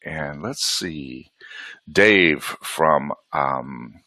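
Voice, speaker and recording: A man's voice: a bass voice, drawn-out words, pushed and bright, no echo. A man with a Southern US accent hosting a live webinar from home, chatting in a folksy way and greeting attendees by name. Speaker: webinar host.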